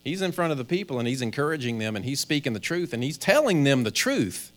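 A male pastor delivers a sermon in an easygoing, conversational way. He keeps voicing the inner thoughts of ordinary people and stumbles over his own restarts. His pitch sits in the middle of the male range. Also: big pitch swings, fast. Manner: conversational preaching, acts out inner voices, stammers on restarts.

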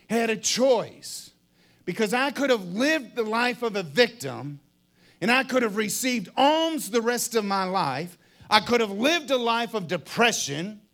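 A middle-aged man preaching a sermon, telling a story dramatically and acting out the voices and shouts of its people. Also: high-pitched, big pitch swings, slow pace.

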